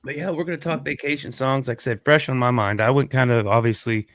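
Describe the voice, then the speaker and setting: Another Kansas podcast co-host, this man chats loosely, drifting off mid-thought and picking back up. He speaks quickly in a steady, medium-pitched voice with a slightly bright edge, recorded cleanly in a studio with no room sound.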